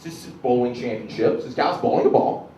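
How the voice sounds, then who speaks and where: A man from South Carolina, Southern accent and all, performs conversational, self-deprecating stand-up in a club, punctuated by loud announcer-style outbursts. His mid-range voice moves briskly. The lo-fi recording, taken from a distant camera, carries club echo and slight background noise.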